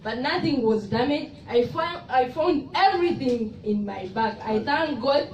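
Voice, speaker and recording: A woman giving an earnest, soft-spoken testimony at a church service. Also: sits high, lively intonation, measured pace, a crowd in the background. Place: church hall in Abu Dhabi. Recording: echoey hall, mic far off, noisy.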